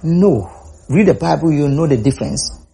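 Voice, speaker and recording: A man's voice: fairly high pitch, animated, moderate pace, vocal fry, mellow, husky. A man preaching a sermon, repeating words and rising to emphatic calls.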